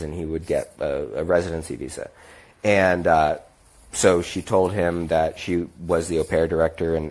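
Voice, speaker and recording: A man's voice: deep voice, darkish tone. A young American man casually telling a rambling travel story, acting out the people he quotes. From United States. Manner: rambling, acts out quotes in other voices. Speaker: podcast host.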